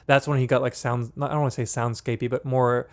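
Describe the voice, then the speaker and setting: A man's voice: medium pitch, level tone, fast. Hesitant man co-hosting a podcast. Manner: hesitant, lots of ums and restarts. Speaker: podcast co-host. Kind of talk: casual chat.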